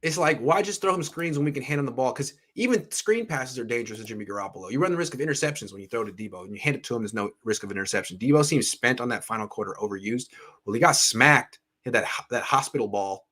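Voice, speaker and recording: A man's voice: mid-range voice, expressive, fast talker, sharp tone. Blunt sarcastic male sports host. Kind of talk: casual live-stream chat reading viewer comments.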